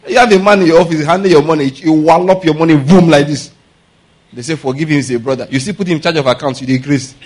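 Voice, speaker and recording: A man preaches in a loose, conversational way, often checking in with his listeners through rhetorical questions. His voice sits a little high and carries a husky, breathy edge. He laughs easily between points. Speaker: pastor. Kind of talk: sermon.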